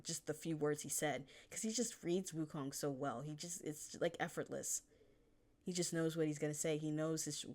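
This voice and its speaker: Woman author with a deep, low voice, chatty and rambling, laughs a lot, casual swearing. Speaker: fan fiction author. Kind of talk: casual chapter discussion.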